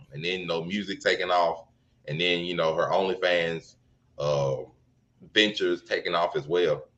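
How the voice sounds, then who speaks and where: A man co-hosting a casual podcast, talking in an excitable way and laughing often. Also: sits low, measured pace, muffled recording. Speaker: podcast co-host.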